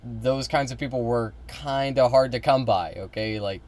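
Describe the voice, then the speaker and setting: A young man chats through a reaction stream, rambling and restarting his sentences, often with a casual swear. His voice sits at an ordinary middle pitch for a man. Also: moderate pace, a little mellow.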